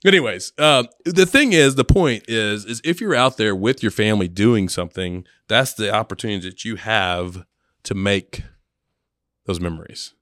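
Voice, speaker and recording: A man's voice: on the low side, lively intonation, moderate pace, a bit bright, no room sound, studio quality. A man chatting casually, telling family stories with frequent laughter and acted-out quotes. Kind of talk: casual storytelling chat.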